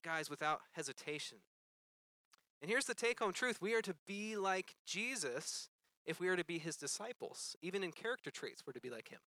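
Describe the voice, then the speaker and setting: A man's voice: high voice, pushed and bright, dry recording. A young man preaching a sermon, earnestly addressing his congregation as "guys" and asking them questions.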